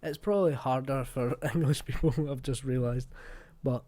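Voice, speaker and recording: A man's voice: mid-range voice, moderate pace, dark tone. A man with a broad Fife Scottish accent, hosting a casual reaction video in a chatty, rambling way. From Scotland, Fife. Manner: chatty, rambling, with many fillers.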